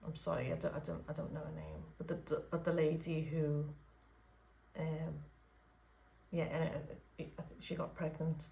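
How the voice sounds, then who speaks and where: A soft-spoken woman channels as a medium late at night without a script, stumbling through fillers and restarts. Her voice is low and gravelly, her pace moderate, and the sound roomy.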